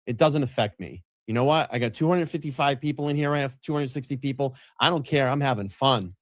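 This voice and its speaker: A man hosts a live stream with casual, profane commentary and mocks his rivals gleefully. His voice sits at an ordinary middle pitch. The sound is dry and close, with no room echo. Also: quick pace.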